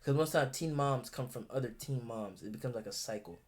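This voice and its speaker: A man's voice: mid-range voice, fast, a little mellow. A young man talking casually and bluntly as a streamer reacting to a video, profane and rambling, full of restarts.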